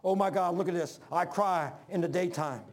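Man, preacher, sermon, high voice, emphatic, loud peaks and quiet drops, calls for amens. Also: moderate pace. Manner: emphatic, swinging from loud peaks to low hushed lines; calls for congregation responses.

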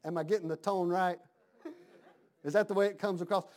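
A man's voice: high-pitched, animated, moderate pace, darkish tone. A man preaching a sermon in a folksy, conversational way, asking his congregation questions.

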